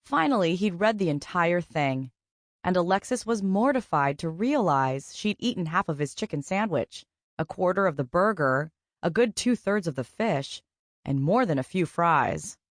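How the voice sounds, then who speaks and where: A woman narrating a contemporary romance audiobook in an even, measured storytelling manner. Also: lowish voice, no room sound, studio quality. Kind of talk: scripted narration.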